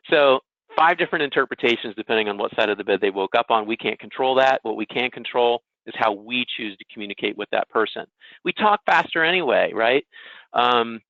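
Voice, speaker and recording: A man's voice: medium pitch, no room sound. A man giving a casual, conversational webinar presentation who often checks in with listeners by asking "right?". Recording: tinny phone-like webinar audio, dry.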